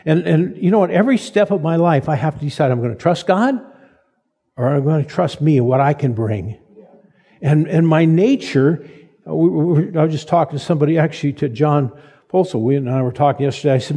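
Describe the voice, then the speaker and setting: A man in his seventies preaching a sermon in a folksy, halting way, repeating words as he tells stories. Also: on the high side, dark tone, slightly rough. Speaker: pastor. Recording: long reverb of a large hall.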